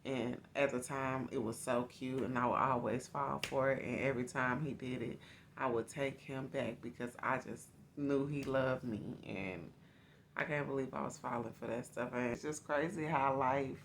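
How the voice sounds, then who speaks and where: Woman, candid storyteller, gravelly vocal fry, talking straight to viewers. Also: extremely low pitch, steady tone, normal speed, a little hiss or hum. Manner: candid, confiding, addresses viewers directly. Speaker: host telling her own story. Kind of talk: casual personal storytelling.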